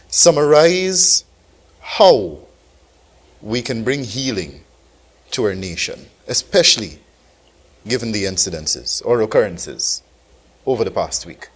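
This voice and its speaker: A man with a Guyanese accent hosting a talk show, moderating the panel with measured questions. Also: deep voice.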